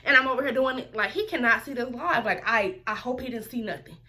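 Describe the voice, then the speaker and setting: Animated high-pitched woman telling a story. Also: quick pace. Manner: animated storytelling, quotes others in raised voices. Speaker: vlogger. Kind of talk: casual storytime vlog.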